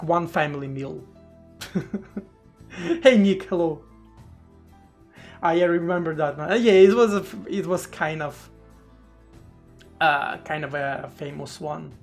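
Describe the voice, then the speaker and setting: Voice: medium pitch, slow, pauses often. A streamer chatting casually during a live coding session, rambling with stammered restarts and casual swearing, faint music behind.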